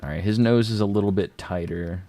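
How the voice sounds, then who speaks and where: A man's voice: on the low side, a little fast, warm tone. A man streaming a game and chatting casually, laid-back and slangy, joking at his own expense and laughing often.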